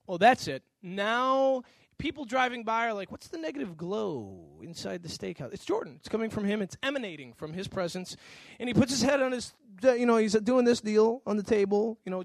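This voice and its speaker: High-voiced man telling a sermon story. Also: dry recording. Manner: animated storytelling, acting out voices. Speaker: pastor.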